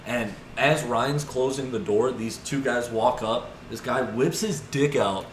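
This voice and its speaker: A mid-range, unhurried voice comes from a podcast co-host in his twenties. He wanders through casual stories loaded with "like" and "dude," retelling them with animation amid echo and background noise.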